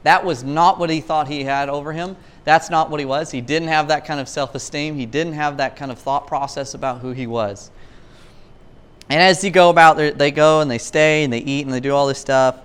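A man's voice: on the high side, fairly even intonation, a little fast, clean tone. A man preaching casually, retelling a scripture story in loose storytelling talk with slang and frequent restarts. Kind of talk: casual sermon.

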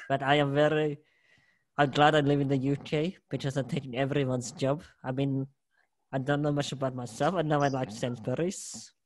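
A man voicing a bumbling Eastern European immigrant, talking slowly and quietly in a halting way. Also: a little high, close to an everyday voice.

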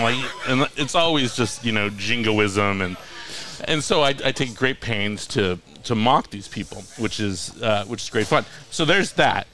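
A man's voice: medium pitch, lively intonation, normal speed, pushed and bright. A man who is a guest author, telling wry, mocking stories in casual podcast chat and laughing often. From Coachella Valley, California.

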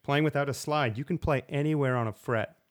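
A man's voice: medium pitch, brisk. A man, a slide guitarist, talking casually in an interview, rambling a little and often restarting his sentences. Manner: relaxed, rambling, with frequent restarts and acted-out quotes.

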